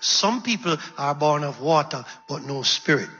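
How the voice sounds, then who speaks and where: High, bright husky-voiced male preacher. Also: lively intonation, normal speed, highs cut off. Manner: call-and-response preaching, repeating lines for emphasis. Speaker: pastor. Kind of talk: sermon. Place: church. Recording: live sermon in a reverberant hall with faint music.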